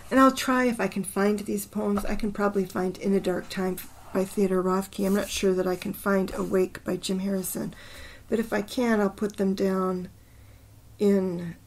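Slow, thoughtful woman chatting about poems. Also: mid-range voice, slight background noise. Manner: thinking aloud, murmuring syllable counts under her breath; slow and unhurried, with fillers. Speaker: poetry channel host. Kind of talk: casual talk about poems, reading aloud.

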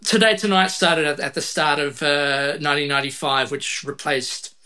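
A man's voice: a little high, steady tone, moderate pace, pushed and bright. A man hosting a podcast, reading through a TV guide in casual chat with many fillers. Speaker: podcast host.

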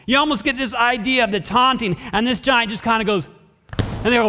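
In a reverberant hall, a pastor with a very high-pitched voice preaches a little fast. He reads scripture and expressively slips into brief voices of the biblical characters.

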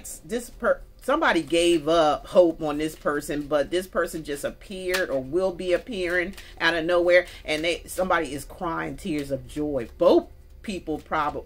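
A woman giving a casual spoken tarot reading, chatty and folksy, talking straight to her viewers. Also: fairly low pitch. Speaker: tarot reader. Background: faint music.

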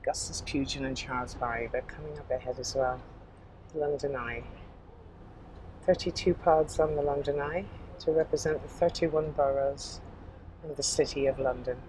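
A woman's voice: very deep voice, fairly even intonation, normal speed, poor audio. A woman narrating a river boat tour in a chatty, upbeat, informal way, recorded on an outdoor deck with a camera mic. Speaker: tour guide. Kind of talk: narrated walking-tour vlog. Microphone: camera mic, filming herself. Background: loud engine and water noise.

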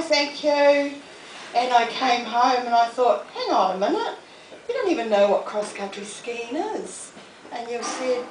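Kiwi woman giving a talk, joking about herself, sounds far off in a big echoey room with faint hiss. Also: on the high side. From New Zealand. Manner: humorous, self-deprecating anecdotes with acted quotes. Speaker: motivational speaker. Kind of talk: storytelling talk to an audience. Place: public library talk room. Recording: echoey room, mic from a distance.

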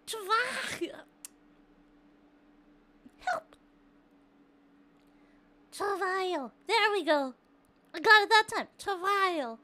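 A young woman streaming live, chatting with her viewers casually, excitable, laughing often and swearing freely. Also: very high-pitched, slight background noise. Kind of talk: casual chat with a live chat audience.

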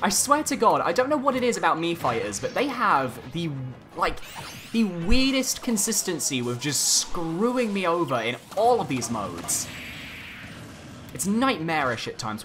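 Casting note: young man, let's-play commentator, lively pitch, excitable and exasperated, game music faint behind. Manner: animated, exclaiming, swings between excited and exasperated. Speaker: gaming YouTuber.

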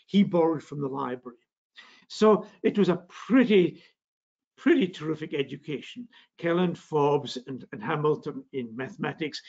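Gravelly older Scottish lecturer. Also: male voice, fairly high pitch, darkish tone, highs cut off. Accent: northeast Scottish. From Scotland. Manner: genial, frequent uh fillers and restarts. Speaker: physics lecturer. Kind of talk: public science lecture with slides.

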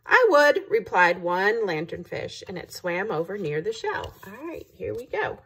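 A woman reading a picture book aloud to children, pausing to ask them questions. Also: mid-range voice, animated, vocal fry, a bit bright, slightly rough. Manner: engaging, asks the listeners questions.

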